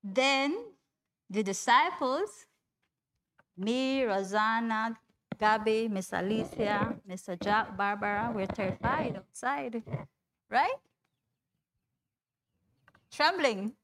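A woman preaches to her congregation in a high, unhurried voice. She talks casually, often laughs, and turns to people in the pews by name. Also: a bit bright. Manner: chatty, laughs often, calls on listeners by name. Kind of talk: informal sermon to a congregation.

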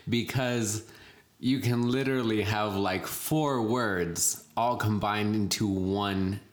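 Low male co-host, casual podcast, patient explainer who laughs easily. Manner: explains slowly, laughs often.

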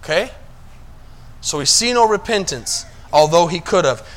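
Speaking at a moderate pace with an animated, highish voice, a male pastor delivers his sermon and checks on the congregation's understanding. He alternates quiet asides with loud, insistent stretches.

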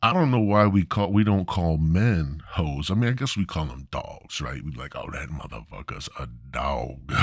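A man's voice: low-pitched, expressive, normal speed, dry recording, clean studio sound. A man hosting a podcast, ranting crudely and rambling in a stand-up style. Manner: profane, rambling, swooping delivery. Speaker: podcast host.

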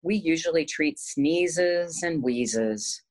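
A woman imitating a smug, patronizing older male doctor, speaking slowly and condescendingly. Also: sits low, darkish tone.

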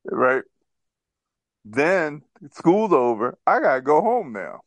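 A man's voice: a little high, very animated, slow, no room sound. A man co-hosting a podcast, telling a childhood story in casual chat and laughing as he goes. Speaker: podcast co-host.

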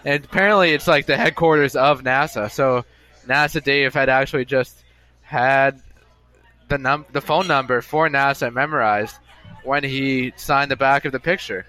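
Guy chatting away on his podcast, bright forceful voice, loose and jokey. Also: mid-range voice, moderate pace. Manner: chatty, self-amused, repetitive storytelling. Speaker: podcast host. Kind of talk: casual rambling monologue. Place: bar.

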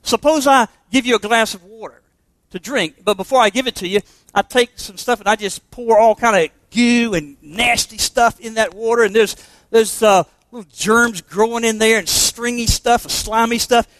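A pastor preaching a sermon to confirmation students, emphatic and asking rhetorical questions. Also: male voice, extremely high pitch, moderate pace, fairly bright tone, no room sound.

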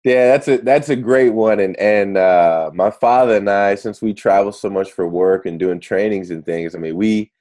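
Guy with a low mellow voice, author in an interview, keeps restarting his sentences. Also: normal speed, few pauses. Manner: animated, restarts phrases often. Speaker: guest author. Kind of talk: conversational interview.

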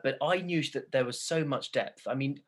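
A man's voice: mid-range voice, normal speed, natural voice. A man voicing a pompous, self-important film director who rambles in a self-satisfied way.

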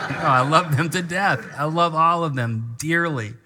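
A middle-aged male pastor delivers a sermon with a bright, ringing tone. He swings from quiet, personal storytelling to fervent scripture reading. Now and then he calls on the congregation to say the words along with him. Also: on the high side, unhurried. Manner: passionate, rising to loud emphatic scripture reading; leads congregation in call-and-response.

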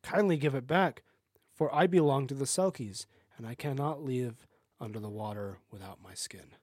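A man's voice: medium pitch, normal speed, darkish tone, dry recording, clean studio sound, close to an everyday voice. A man voicing a young selkie woman of the seal folk, speaking in a pleading, tearful way.

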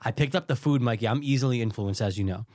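A man co-hosting a podcast, telling animated stories in casual chat, swearing and acting out his own thoughts. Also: medium pitch, quick pace, dry recording, studio quality. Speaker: podcast co-host.

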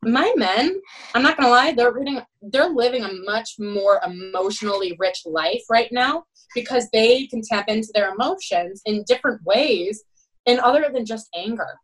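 A middle-aged woman who coaches college swimmers tells her stories in a podcast interview. Her voice sits a little high. She talks candidly and emphatically and keeps checking in with "right?". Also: lively intonation, normal speed, a bit bright, rough recording. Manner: candid and emphatic, peppered with "you know" and "right?". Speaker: college swim head coach.

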